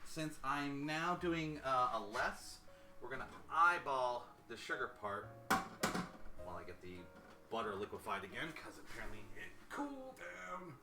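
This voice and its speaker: A man's voice: medium pitch, sing-song, a little slow, music in the background. A man chatting casually with his viewers while he cooks on a live stream, rambling as he measures ingredients. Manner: rambling, chatty, talks to chat while cooking.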